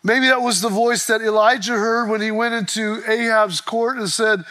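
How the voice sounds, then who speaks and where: A male pastor preaching a sermon, telling stories in an animated way with quick restarts. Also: high-pitched.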